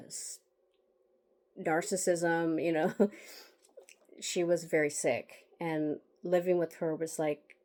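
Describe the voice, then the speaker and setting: A woman's voice: low-pitched, mellow. A woman telling a bitter personal story in a candid vlog monologue, sighing and laughing wryly as she rambles. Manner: bitter, emotional, with wry laughs and sighs; rambling with restarts and fillers. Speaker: author talking about her book.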